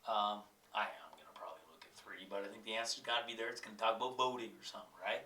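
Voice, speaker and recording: A man's voice: on the low side, rapid-fire, hardly any pauses, sharp tone, reverberant, distant mic. Man with a cold, thinking aloud. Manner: thinks aloud, reads passages aloud, asides to himself. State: has a cold. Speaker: teacher. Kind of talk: explaining exam questions.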